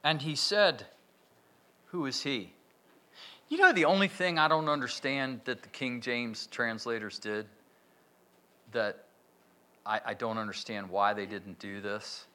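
A man preaching a sermon, working through a verse with lots of questions to his listeners and slow, stressed quotations. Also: mid-range voice. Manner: questioning, lively emphatic delivery with drawn-out quotes.

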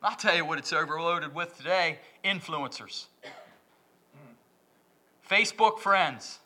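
A man preaching a sermon, working through a verse with lots of questions to his listeners and slow, stressed quotations. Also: fairly high pitch, a little hiss or hum. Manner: questioning, lively emphatic delivery with drawn-out quotes.

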